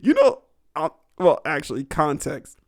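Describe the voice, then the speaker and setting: A young man talks through a casual podcast monologue in a somewhat high voice, crude and rambling, breaking into laughter often. The sound is dry and close, with no room echo. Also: huge pitch swings, measured pace. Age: young adult. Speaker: podcast host.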